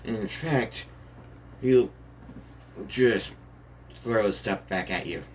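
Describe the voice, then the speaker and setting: Unshakable teen boy hero voiced by a man, flat matter-of-fact delivery, low voice, fan story told aloud. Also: drawn-out words, recorded from a distance, a little hiss or hum.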